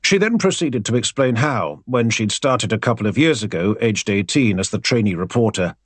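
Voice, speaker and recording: A male audiobook narrator with a wry, expressive way of telling the story. His slightly husky voice rises and falls a lot, and the recording is dry and close. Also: fairly low pitch, normal speed, no echo.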